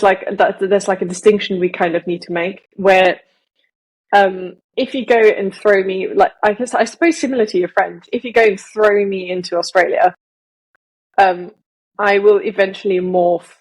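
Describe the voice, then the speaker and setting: Slow, hesitant woman with British accent. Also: medium pitch, rough recording. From Malaysia. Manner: rambling, hesitant with many fillers and restarts. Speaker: podcast co-host. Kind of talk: casual podcast chat.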